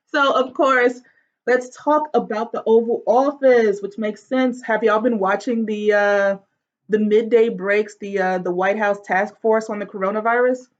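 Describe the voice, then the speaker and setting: Chatty woman lecturing, higher voice. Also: steady tone, measured pace, muffled recording. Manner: chatty, slangy, asks the class questions. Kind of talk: casual online lecture.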